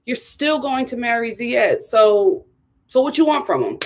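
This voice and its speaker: A woman with a slightly higher-than-average voice, hosting a live stream. She talks straight to her audience in a sassy, animated way, with casual commentary throughout. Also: a little slow. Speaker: live show host reviewing a reality series.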